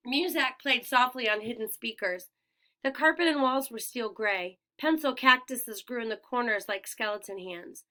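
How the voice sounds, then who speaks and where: A woman narrating a first-person audiobook in a clear, expressive storytelling manner. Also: on the high side. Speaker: audiobook reader.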